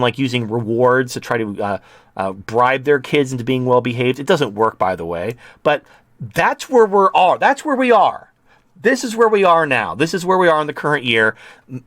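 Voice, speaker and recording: A man's voice: medium pitch, a bit bright, no echo. A man hosting an online commentary show, ranting in a profane, heated way.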